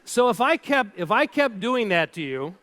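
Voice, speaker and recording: A man's voice: high voice, big pitch swings, normal speed, fairly bright tone. A man giving a live keynote talk, telling stories playfully and speaking straight to the audience. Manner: storytelling, playful, engages the audience directly.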